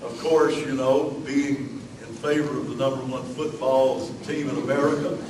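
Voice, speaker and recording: A man's voice: mid-range voice, steady tone, normal speed, roomy sound, distant mic, background noise. A man from Alabama with a Southern accent, preaching a sermon as pastor in a folksy way, with lots of fillers and asides.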